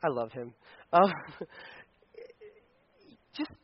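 A man's voice: mid-range voice, sing-song, extremely slow, husky. A man preaching a casual, joking sermon to parents, acting out little scenes in funny voices. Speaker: pastor speaking to parents. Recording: dull lo-fi sound.

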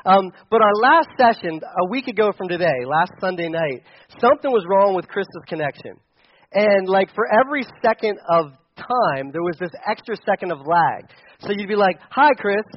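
Young male pastor, high voice, chatty sermon, dull lo-fi sound. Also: animated, normal speed. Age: young adult. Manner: conversational, storytelling with repeated restarts.

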